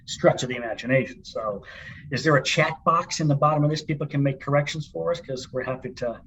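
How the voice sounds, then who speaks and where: A man's voice: medium pitch, fast, fairly bright tone, a little hiss or hum, rough recording. A middle-aged man co-hosting a podcast from an office conference room, chatty and joking in casual chat. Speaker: podcast co-host. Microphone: laptop mic.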